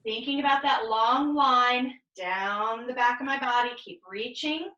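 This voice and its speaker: A woman leading a pilates class over a video call, giving calm step-by-step cues and counting reps. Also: on the high side, a little slow, echoey room, muffled recording. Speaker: pilates instructor. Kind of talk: guided exercise class cues.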